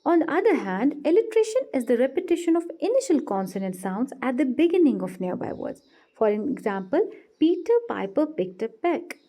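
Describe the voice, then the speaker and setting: A woman teaching literary terms in a scripted lesson, explaining clearly and reading example lines slowly and deliberately. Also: sits high, big pitch swings, mellow.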